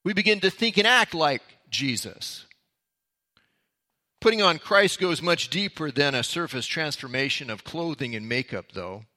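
A man with a bright, forceful voice that sits a little high for a man. He teaches a sermon in a relaxed, storytelling way. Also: normal speed. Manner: storytelling, conversational. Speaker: pastor. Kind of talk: sermon-style Bible teaching.

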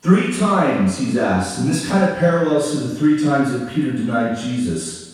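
A man preaching a sermon, telling the story in an animated way and acting out the voices of the people in it. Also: mid-range voice, normal speed. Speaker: pastor. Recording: echoey hall from far off.

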